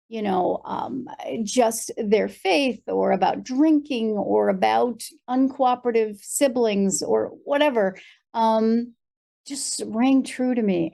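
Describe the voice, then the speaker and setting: A woman's voice: on the high side, gravelly. An American woman, a performer, telling stories as a guest in a conversational interview, with lots of fillers. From United States. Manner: animated storyteller, frequent fillers.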